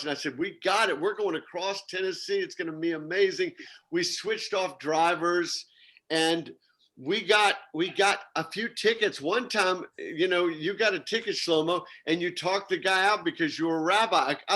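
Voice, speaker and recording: A man around sixty telling a lively, rambling, self-mocking story on a video call. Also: high voice. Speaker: reunion participant.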